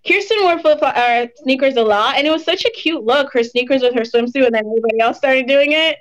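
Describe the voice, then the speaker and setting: Young woman chatting away, kinda high voice, says like a lot, slightly dull lo-fi sound. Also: quick pace. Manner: chatty, lots of "like" and "um" fillers. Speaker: interview guest, reality show contestant. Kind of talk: casual interview chat.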